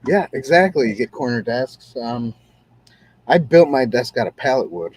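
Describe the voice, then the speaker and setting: A man's voice: medium pitch, animated, normal speed, darkish tone, breathy edge, no room sound. Easygoing rambling male podcast host. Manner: rambling, easygoing, many fillers and restarts. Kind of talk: casual show-review chat.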